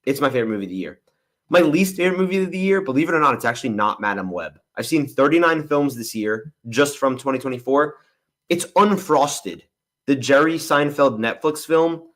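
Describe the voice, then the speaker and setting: Speaking fairly quickly in an expressive, medium-pitched voice with a bit of brightness, a young man fields viewer questions on his movie livestream Q&A. He rambles candidly, frequently dropping "honestly" and "I'm gonna be real."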